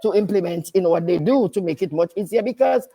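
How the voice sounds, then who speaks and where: Her voice sits on the low side, husky and dark, with lively intonation and a brisk pace. She's an older Dominican nurse and midwife chatting casually as a radio guest, emphatic and repetitive, her "no, no, no" firm.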